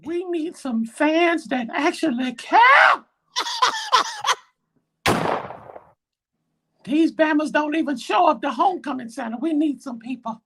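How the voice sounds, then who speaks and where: A woman's voice: high-pitched, very animated, slow, long pauses, a bit bright, exaggerated voice. A woman voicing a whiny little boy football fan who pleads and rambles to Santa in a comedy skit. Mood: pleading.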